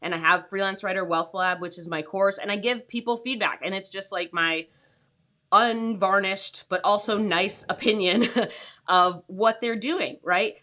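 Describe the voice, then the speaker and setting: Bright-voiced chatty woman streaming from home. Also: mid-range voice, fairly even intonation, a little slow. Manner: chatty, many fillers, greets viewers by name. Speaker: freelance writing coach hosting a livestream. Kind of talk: casual livestream chat. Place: home, with her dogs nearby.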